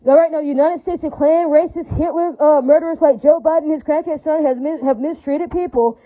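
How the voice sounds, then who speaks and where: A woman's voice: high-pitched, fairly quick, warm tone, lo-fi sound. A woman giving an angry, profane monologue rant, heated and preachy, with lots of repetition.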